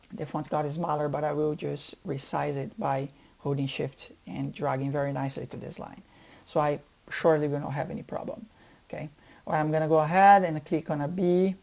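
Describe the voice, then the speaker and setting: A software tutorial instructor narrating step by step while working, thinking aloud and repeating words for emphasis. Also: mid-range voice, vocal fry.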